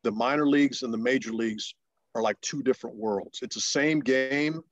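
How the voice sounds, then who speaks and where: A man in his fifties, a former professional pitcher, telling stories in an interview, halting with many fillers and restarts, and jumping up in pitch when he acts out excited voices. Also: no echo, dull audio. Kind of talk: storytelling interview.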